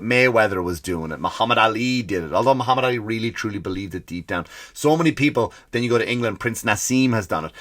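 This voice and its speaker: A man with an accent that drifts between Irish and American rants through a comedy podcast monologue. He swears freely and sounds exasperated, with a bright, forceful edge to his voice. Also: fairly low pitch. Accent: mixed Irish and American. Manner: profane, animated, exasperated ranting.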